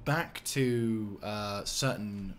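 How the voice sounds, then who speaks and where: This gameplay commentator has a lowish voice and speaks extremely slowly, with a little hiss or hum in the recording. He offers casual let's-play commentary on the strategy game he's playing, rambling on, cursing and breaking into giggling fits.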